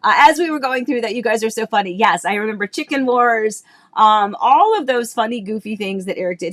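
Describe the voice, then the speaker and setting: Here the Florida livestream host, a realtor in her thirties, sounds fairly high-pitched and expressive, talking a little fast. She rambles casually with plenty of fillers and restarts, and her mood swings to nostalgic and emotional, with laughter between tears.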